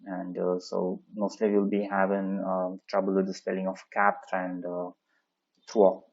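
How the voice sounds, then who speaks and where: Lower-voiced man teaching French lesson. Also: monotone, a little slow, vocal fry. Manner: explains in English, reads French aloud, many "okay, so" fillers. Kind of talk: textbook lesson walkthrough. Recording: dull lo-fi sound.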